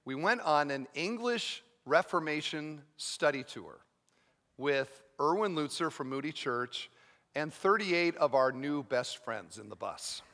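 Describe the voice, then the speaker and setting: A man's voice: fairly high pitch, expressive, a little slow, vocal fry, a bit bright. A man preaching a sermon as pastor, moving from chatty storytelling to fervent, earnest preaching. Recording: long reverb of a large hall.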